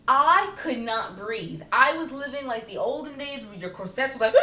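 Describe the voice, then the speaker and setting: A woman's voice: on the high side, animated, normal speed, sharp tone. A young woman telling comic stories to camera in a casual vlog, acting out other people's voices and laughing often. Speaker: vlogger. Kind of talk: casual comedic storytelling to camera. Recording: echoey room, mic at a distance.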